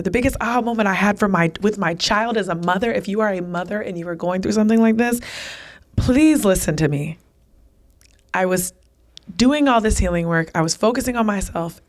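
A woman's voice: mid-range voice, brisk. A woman in her thirties, a business owner and podcast guest, telling a personal story in an earnest, emotional way. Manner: earnest, emotional, speeds up in bursts.

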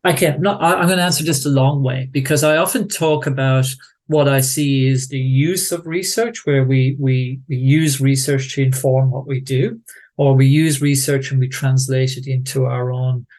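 A man with an Irish accent, a guest researcher on a podcast, speaking in a measured, reflective way with frequent restarts. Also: mid-range voice, fairly even intonation, a little mellow. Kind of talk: casual conversational interview.

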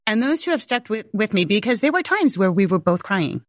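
A woman's voice: medium pitch, big pitch swings, a little fast, no echo. A woman in her forties, a homeschooling mother, telling a personal story to viewers in a candid, casual way, close to tears, swearing and laughing often.

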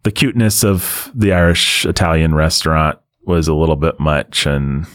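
A man co-hosting a casual movie-review talk, rambling and animated, often laughing. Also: extremely low pitch, normal speed. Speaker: podcast co-host reviewing a movie. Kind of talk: casual chat.

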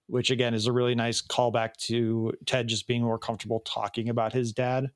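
A man's voice: medium pitch, level tone, a little fast, hardly any pauses, dry recording, studio quality. A man in his thirties from the Chicago area, co-hosting a podcast and recapping a TV episode in casual, rambling chat with many ums and restarts. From Chicago area, USA. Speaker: podcast co-host.

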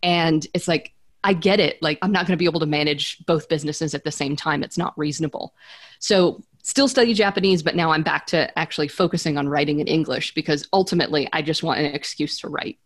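A woman's voice: low voice, a little fast. A woman in her thirties, a podcast guest chatting in an upbeat way and laughing easily. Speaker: podcast guest, business strategist. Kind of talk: casual interview chat.

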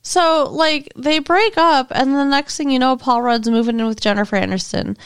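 A woman's voice: sits high, moderate pace, clean tone, no room sound, studio quality. A woman co-hosting a podcast in casual chat, incredulous and questioning as she recaps a movie. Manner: incredulous, questioning, laughs often. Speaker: podcast co-host.

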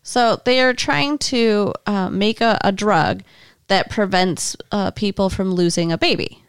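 A woman's voice: medium pitch, a little slow, clean tone, dry recording, clean studio sound. A woman co-hosting a casual movie-review podcast, teasing her partner and steering the talk back to the film. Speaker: podcast co-host.

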